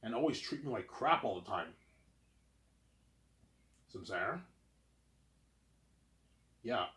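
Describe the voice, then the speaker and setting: Young man, casual vlogger, rambling talk, stuck on repeated words, average pitch, roomy echo. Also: animated, takes it slowly, a bit bright. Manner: repetitive, stammering restarts.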